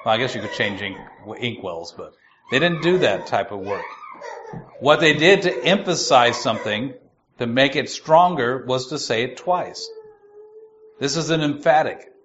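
A man giving a sermon. He reads scripture slowly and stresses its key words. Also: medium pitch, lively intonation, fairly bright tone, highs cut off, slight background noise. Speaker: preacher.

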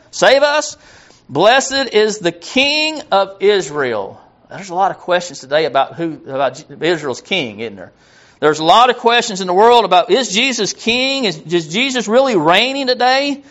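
A man's voice: high-pitched, fairly bright tone. A man preaching a sermon, rambling, repeating words and losing his place as he reads scripture. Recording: dull lo-fi sound.

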